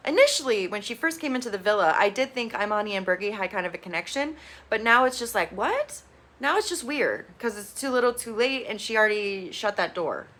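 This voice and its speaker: Woman, bright voice, opinionated recap vlogger, sarcastic and blunt. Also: mid-range voice, expressive. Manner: blunt, sarcastic, quick to mimic people.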